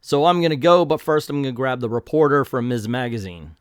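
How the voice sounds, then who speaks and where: A man's voice: mid-range voice, expressive, brisk, smooth, dry recording, clean studio sound, close to an everyday voice. A man voicing an arrogant, boastful male supervillain from a comic, reading the lines in a pompous, sneering way. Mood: gloating.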